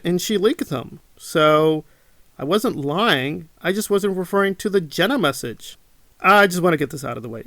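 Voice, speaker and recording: Indignant man with a gravelly voice. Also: fairly high pitch, fairly bright tone, no room sound. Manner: indignant, repeats himself, mocks his critics in quotes. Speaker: channel host. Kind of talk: monologue to camera.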